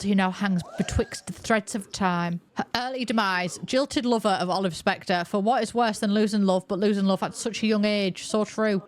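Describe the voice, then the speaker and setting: A woman giving chatty, excitable let's-play commentary, thinking aloud as she plays. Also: medium pitch. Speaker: gaming video creator.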